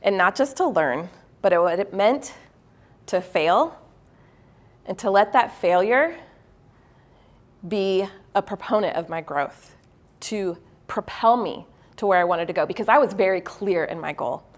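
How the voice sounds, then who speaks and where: Self-deprecating and animated, a woman giving a university keynote laughs her way through a story where she's the butt of the joke. Her pace then eases and she drops into a serious, low register to deliver the lesson.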